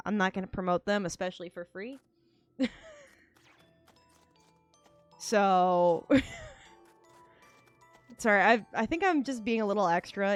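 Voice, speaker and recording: A young woman streaming a game, chatting casually in a rambling way, full of "like" fillers and quick laughs. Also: lowish voice. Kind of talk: casual chat while gaming.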